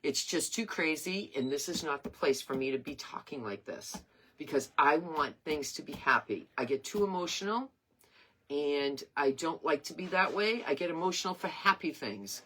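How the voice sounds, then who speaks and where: A woman's voice: low voice, expressive, normal speed, pushed and bright. A woman in her sixties hosting her craft page live, chatting in a rambling, earnest and emotional way. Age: 60s. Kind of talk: casual live-stream chat.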